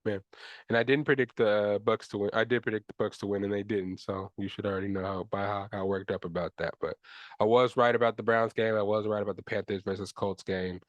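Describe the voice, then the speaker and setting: A man's voice: fairly low pitch, fairly even intonation, a little fast, no echo, muffled recording. A young man hosting a solo sports podcast, ranting in frustration with casual slang and profanity. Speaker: podcast host.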